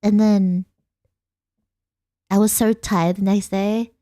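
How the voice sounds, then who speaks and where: A young woman with an Australian accent chats casually with her viewers late at night, rambling and laughing often. Her voice is mellow and soft-edged. The sound is dry and close, with no room around it. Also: mid-range voice, flat delivery, takes it slowly, no room sound. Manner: giggly and rambling, reads chat aloud. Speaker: vtuber streamer.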